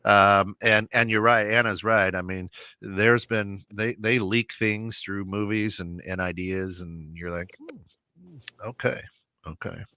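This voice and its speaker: A man with a fairly low voice co-hosts a radio talk show in casual chat. He talks hesitantly, stumbling and repeating words as he gathers his thoughts. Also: steady tone, measured pace, sharp tone, dry recording, clean studio sound.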